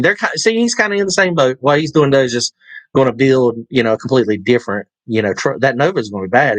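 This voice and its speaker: A livestream host with a Southern US accent and a medium-pitched voice chats casually, rambling through fillers and restarts while answering viewer comments. The audio is dry and poor.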